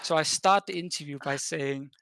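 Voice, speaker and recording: A man's voice: on the high side, moderate pace, gravelly, bright, forceful tone, dry recording. Guy from denmark spinning a rambly podcast story, lots of ums, dry close sound. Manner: rambling, with many fillers and restarts. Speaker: podcast guest, esports caster. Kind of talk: casual storytelling chat.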